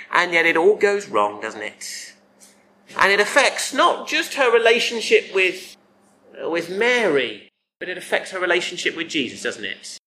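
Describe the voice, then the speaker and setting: Man preaching slow and chatty, bright tone, lots of tag questions. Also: on the high side, big pitch swings, a little hiss or hum. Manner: conversational, with frequent tag questions to the congregation. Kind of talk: sermon.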